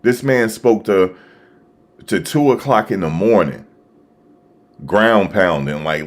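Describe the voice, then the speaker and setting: A man hosting a live stream, talking casually and excitedly to his viewers, repeating himself as he reacts. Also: low-pitched, slow pace, long pauses. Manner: animated, repetitive, talking to chat viewers. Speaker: livestream host. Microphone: desktop USB microphone.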